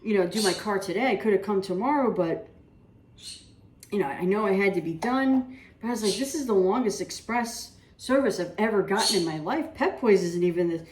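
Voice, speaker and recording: A woman's voice: mid-range voice, fairly quick, a little mellow, distant mic, a little hiss or hum. A woman hosting a casual home cooking vlog, telling rambling stories and acting out what people said while she cooks in her kitchen. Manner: chatty, rambling anecdotes with reenacted dialogue. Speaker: cooking show host. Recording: roomy kitchen audio from off-mic.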